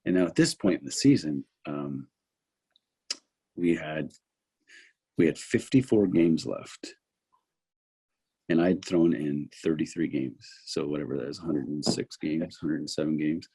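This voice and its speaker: A man in his fifties, a former pitcher, telling stories in a casual interview and acting out his own thoughts along the way. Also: unhurried, pauses often, breathy edge. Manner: animated storyteller who acts out his own remembered thoughts. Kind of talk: casual anecdotal storytelling.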